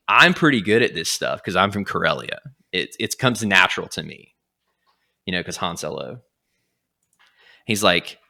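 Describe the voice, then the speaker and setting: Bright-voiced man retelling a story, lively. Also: lowish voice. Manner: animated, acts out lines in quick quotes. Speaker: podcast host. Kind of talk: casual retelling of a comic.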